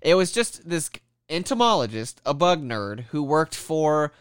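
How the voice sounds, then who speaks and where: A man co-hosting a podcast, chatting in a relaxed way with wry asides. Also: on the high side, a little slow, clear, resonant tone, no room sound, clean studio sound. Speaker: podcast co-host. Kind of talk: casual chat.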